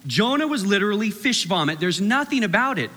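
Man, pastor, animated sermon, fairly high voice, long hall reverb. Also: a little fast. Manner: animated preaching, acts out quoted voices.

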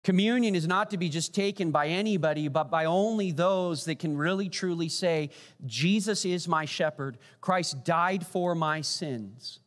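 A man preaching a communion sermon as pastor, earnest, swinging from raised declarations to hushed pleading questions. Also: a little high, a little slow. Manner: earnest preaching, rising then dropping to hushed pleas. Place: church sanctuary. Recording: long hall reverb.

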